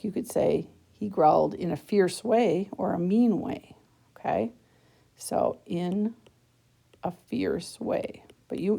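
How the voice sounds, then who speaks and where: A woman teacher with a fairly low, husky voice, dark in tone and marked by vocal fry, patiently walks students through a worksheet step by step. In this lesson recorded for students, she talks them through each part of the task, frequently checking in with "okay?".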